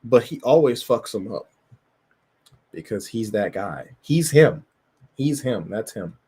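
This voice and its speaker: This streamer speaks slowly in a fairly low, dark voice with a breathy edge and animated delivery. Looking over a tabletop game, he keeps up a loose, profane chat full of filler words and frequent laughter.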